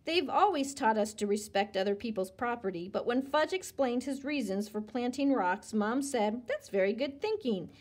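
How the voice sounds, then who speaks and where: Expressive woman reading a storybook aloud. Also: on the high side, normal speed, few pauses. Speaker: reader.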